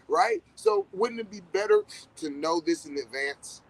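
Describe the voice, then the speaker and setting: A man's voice: high voice, huge pitch swings, unhurried, vocal fry, husky, rough recording. Laid-back man in casual spiritual talk. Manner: loose, conversational, swears often, acts out quoted reactions. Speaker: podcast host.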